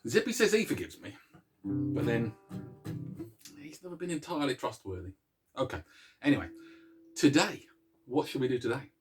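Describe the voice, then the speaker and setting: A man's voice: medium pitch, big pitch swings, moderate pace, long pauses. A man hosting a casual music show, chatting to viewers in a rambling, self-mocking way, with plenty of restarts. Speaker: host of a music series.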